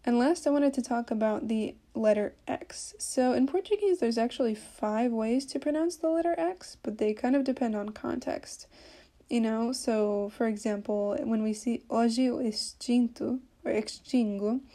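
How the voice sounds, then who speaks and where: A woman's voice: on the high side, moderate pace, mellow. A woman hosting a podcast, giving a casual Portuguese lesson with lots of fillers as she explains. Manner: chatty, explains with many fillers. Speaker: podcast host teaching Portuguese.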